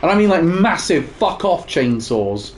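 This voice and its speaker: A man's voice: a little high, sing-song, unhurried, a little hiss or hum. A young man chatting casually while gaming, telling rambling stories with many fillers and restarts. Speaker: gaming co-host.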